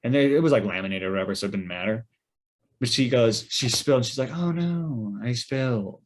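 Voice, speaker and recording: A man co-hosting a podcast, telling a story in a rambling, animated way with many fillers. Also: lowish voice, fast. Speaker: podcast co-host. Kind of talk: casual storytelling.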